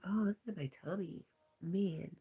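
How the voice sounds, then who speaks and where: A woman hosting a livestream, reading out viewer comments in a casual, soft, often half-whispered way, with a stuffy nose. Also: fairly low pitch, normal speed, breathy edge. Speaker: livestream host.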